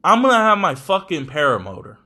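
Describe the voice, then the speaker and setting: A man's voice: fairly high pitch, huge pitch swings, fairly quick, pushed and bright. A young adult man hosting a podcast, talking in casual, rambling chat full of slang and swearing. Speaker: podcast host.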